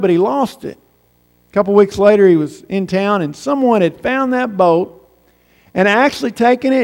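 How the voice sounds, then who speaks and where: Male preacher, very high voice, emphatic, long hall reverb. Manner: emphatic, slows right down on key phrases. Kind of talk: sermon. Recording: long reverb in a big room.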